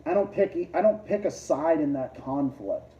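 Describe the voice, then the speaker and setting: Ranting man on a dark, echoey mic. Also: expressive, normal speed. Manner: profane, combative, repetitive ranting that swings between loud outbursts and low mutters. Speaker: livestream host. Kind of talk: casual livestream ranting. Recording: muffled, roomy, distant lo-fi mic.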